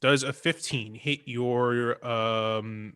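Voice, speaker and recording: Bright-voiced male game master. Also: medium pitch, steady tone, very slow, smooth. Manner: chatty, many fillers and restarts. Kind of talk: narrating a tabletop game.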